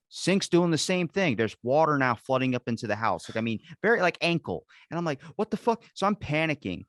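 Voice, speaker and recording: A man's voice: medium pitch, a bit bright, dry recording, clean studio sound. A man hosting a podcast, telling a story in rambling, profane casual chat over a video call. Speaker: podcast host.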